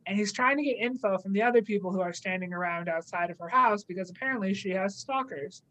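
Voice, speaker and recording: A woman's voice: medium pitch, fast, fairly bright tone, poor audio. A young adult woman in casual chat, animatedly recapping an episode and slipping into playful quoted asides. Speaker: podcast co-host.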